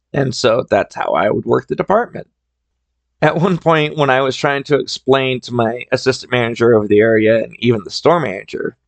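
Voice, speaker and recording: A man's voice: mid-range voice, no room sound. A man hosting a solo storytelling podcast, talking in a chatty, conversational way into a close mic. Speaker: podcast host.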